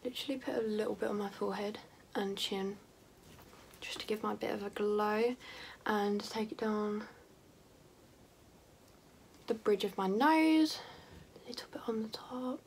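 Casting note: teen girl beauty vlogger, fry in the voice, chatty and self-mocking, faint hiss behind her. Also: medium pitch, unhurried, long pauses. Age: teens. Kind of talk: casual makeup tutorial chat.

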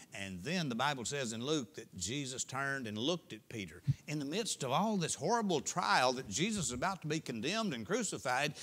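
A middle-aged man in the pulpit delivering a sermon in a homespun, storytelling style. His voice is bright and forward, and he moves from booming emphasis to near-whispered confession. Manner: folksy, storytelling preacher with dramatic swings from loud to hushed. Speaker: pastor. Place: church sanctuary.

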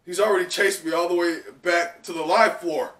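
A man's voice: fairly even intonation, normal speed, distant mic. A man reading a brash cyborg pirate fighter. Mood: determined. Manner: quoted lines read out louder and higher. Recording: roomy sound from off mic.

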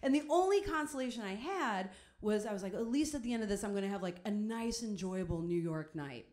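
A woman's voice: mid-range voice, expressive, fairly quick, a little mellow. A young woman telling a comic personal story on stage, chatty and self-mocking, with many "like"s. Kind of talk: live comedic storytelling.

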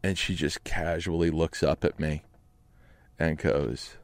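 A man telling a personal story with dramatic flair, swinging between hushed narration and loud outbursts. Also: rumbling low, takes it slowly, no room sound. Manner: animated, shifts between hushed and shouting. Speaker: storyteller guest. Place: Los Angeles.

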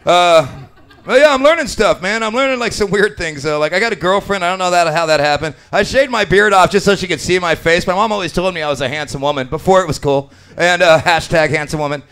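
A man's voice: high voice, quick pace, a bit bright, clean tone. A man in his late forties from Alaska doing a live stand-up set at a brewery bar, telling crude, profane, self-mocking jokes. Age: late 40s. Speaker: stand-up comedian.

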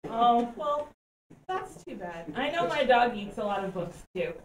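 A woman's voice: a little high, big pitch swings, unhurried, far from the mic. A woman in an improv comedy game, playfully questioning the other players. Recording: echoey stage from afar.

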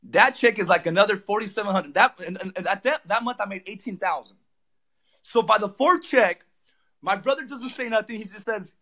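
Fast, bright-voiced young man storytelling. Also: sits high. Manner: excited, acts out quoted lines. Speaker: guest. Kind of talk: animated storytelling.

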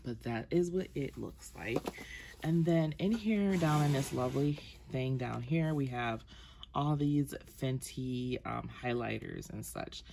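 A woman beauty vlogger talks unhurriedly through her makeup collection, her voice carrying a gravelly, fry-laden texture. She rambles and corrects herself mid-phrase, stretching out her ums. A steady hiss of noise sits under the recording. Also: very deep voice, a little slow. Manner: chatty, rambling, trails off with ums and self-corrections. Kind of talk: casual makeup collection walkthrough.

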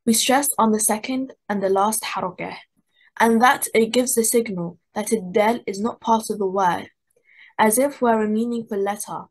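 A woman's voice: mid-range voice, low-quality recording. A woman teaching a lecture on Quranic recitation stress, methodically repeating contrasting word examples.

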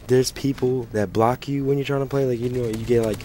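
A young man with a sick, hoarse voice, ranting and swearing through casual gameplay commentary. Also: medium pitch, fairly even intonation, brisk, mellow, a little hiss or hum. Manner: profane, ranting, frustrated. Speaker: gaming channel host.

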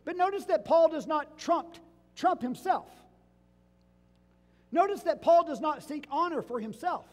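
A male pastor with a strikingly high, lively voice preaches slowly and deliberately, pressing his congregation with rhetorical questions. His voice rings out with a long reverb from the sanctuary. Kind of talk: sermon.

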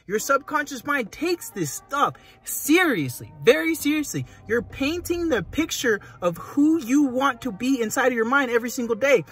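A man's voice: high voice, pushed and bright, breathy edge. A young man hosting an advice video, reading a post aloud and answering it with a fired-up motivational pep talk, calling the listener brother and man. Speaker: host. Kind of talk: reading and reacting to a forum post.

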